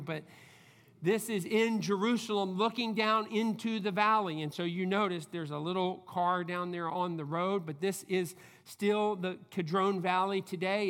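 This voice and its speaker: Earnest high-voiced male preacher. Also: fairly bright tone, long reverb tail. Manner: earnest, conversational preaching with frequent "I mean". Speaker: pastor. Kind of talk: sermon.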